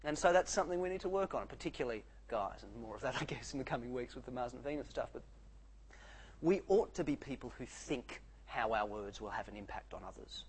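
A man preaching a sermon, swinging between soft, quiet lines and loud, animated outbursts. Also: mid-range voice, fast, husky, low-quality recording.

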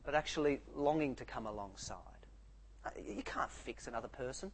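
A man preaching a sermon, swinging between soft, quiet lines and loud, animated outbursts. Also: mid-range voice, brisk, a little hiss or hum, poor audio.

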